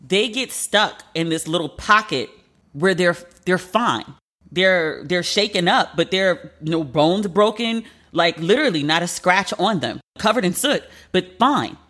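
A man's voice: high-pitched, lively intonation, a little slow, bright, forceful tone. A man, a journalist, hosting a casual monologue podcast, chatty and emotional, filling his talk with "like". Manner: chatty and emotional, heavy use of "like".

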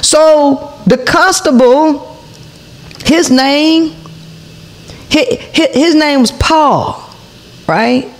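A podcast host in her forties tells her viewers a heated story, swearing and constantly aside to the audience. Her voice sits high, and she draws out her words with long pauses.

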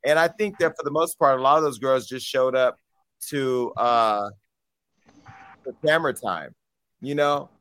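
A male talk-show host chats loosely and rambles through his points. His voice sits mid-pitch and sounds close and dry. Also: a little slow, pauses often, fairly bright tone, no echo. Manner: rambling, with many fillers. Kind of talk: casual talk-show chat.

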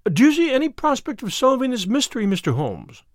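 A man voicing a sharp, strong-willed young woman, asking tart, impatient questions. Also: high-pitched, wildly swooping pitch, brisk, no room sound, clean studio sound, voice pushed up.

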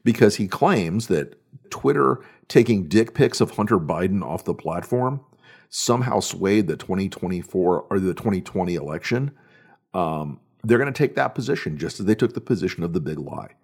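A man's voice: low-pitched, animated, normal speed, vocal fry, a little mellow, husky. A man hosting, giving an emphatic, sardonic political commentary monologue. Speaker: host.

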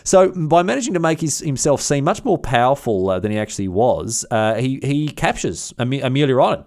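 A man's voice: medium pitch, big pitch swings, fairly quick, hardly any pauses, darkish tone. A man telling a history story in a casual, slangy, irreverent way, with many restarts.

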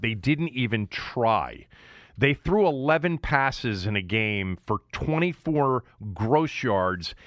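A man co-hosting sports talk radio, ranting with a lively voice that swings up and down. He mocks and scoffs as he argues his point. The sound is close and dry, with no room echo. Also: medium pitch. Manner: animated, mocking, ranting.

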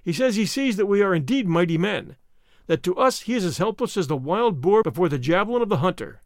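A man's voice: high voice, expressive, brisk, dry recording, studio quality. A man voicing a humble, gloomy young male interpreter in an audiobook, speaking plaintively with sighs. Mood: glum. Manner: plaintive, sighing. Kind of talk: audiobook character reading.

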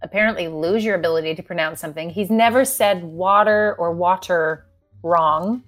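A woman's voice: on the low side, moderate pace, a bit bright, faint music behind. A woman co-hosting a podcast, chatting casually and animatedly, laughing often as she tells stories. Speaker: podcast co-host. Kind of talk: casual chat.

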